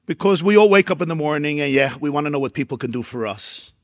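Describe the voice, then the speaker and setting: A man's voice: fairly high pitch, animated, quick pace, dry recording, clean studio sound. A man, a rabbi, giving a storytelling keynote lecture at a dinner event, emphatic and building up lists.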